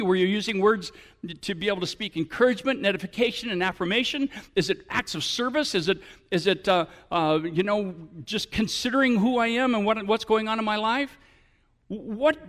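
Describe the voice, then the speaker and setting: A male pastor preaching a sermon to his church, often building up to animated, emphatic appeals. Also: sits high.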